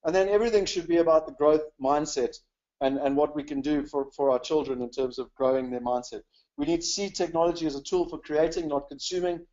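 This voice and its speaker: A South African webinar presenter gives a casual, chatty talk, upbeat and full of "you know" fillers. His voice sits on the high side with a steady tone and a dark color, moving a little fast. The recording sounds lo-fi.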